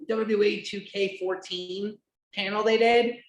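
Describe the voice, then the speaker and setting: A woman hosting a casual podcast, talking at a middle pitch and rambling through fillers, restarts and the odd swear word. Her voice rings in a roomy, echoey space. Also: fairly even intonation, unhurried. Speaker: podcast host. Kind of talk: casual chat, watch-along podcast. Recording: roomy echo.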